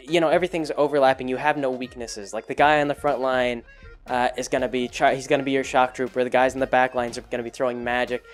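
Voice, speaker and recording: A man casually recounting a tabletop campaign he ran as game master, rambling with many fillers. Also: a little high. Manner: rambling, full of fillers and restarts. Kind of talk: casual chat.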